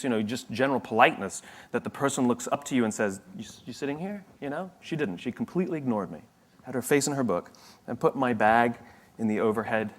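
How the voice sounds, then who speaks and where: Male motivational speaker, mid-range voice, chatty and wry, tells anecdotes with asides. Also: mid-range voice. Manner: conversational and wry, with self-corrections and asides. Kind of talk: motivational talk with storytelling.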